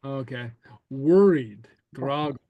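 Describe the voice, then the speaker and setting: A man teaching a relaxed language class, speaking slowly and hesitantly with lots of okays and soft chuckles, sounding out new words for his students to repeat. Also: medium pitch, no room sound, phone-quality sound.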